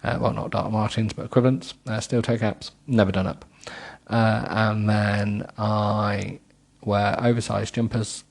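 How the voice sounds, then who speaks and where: Gravelly giggly middle-aged man. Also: fairly low pitch, little pitch movement, unhurried. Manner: giggly, self-mocking, stumbles over words. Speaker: host reading a book aloud. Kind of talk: comic read-aloud with asides.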